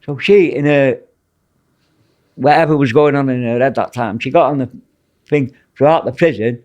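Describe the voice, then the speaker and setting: A man's voice: medium pitch, moderate pace, long pauses, darkish tone. Blunt Mancunian man telling stories. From Manchester, England. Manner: blunt, rambling anecdotes with frequent "mate". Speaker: guest, former prison officer. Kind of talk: casual storytelling interview.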